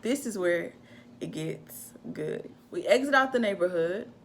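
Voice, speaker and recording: A young woman casually telling a personal story to camera in an animated, chatty way. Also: lowish voice, measured pace, slight background noise. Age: young adult. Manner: animated, chatty, acts out her own shouts in quotes. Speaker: vlogger telling a birth story.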